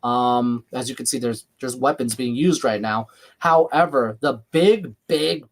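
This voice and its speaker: A man's voice: mid-range voice, steady tone, a little slow. A man hosting a live watch-along stream with a slight lisp, chatting casually while calling the action and reading viewer comments. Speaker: livestream host.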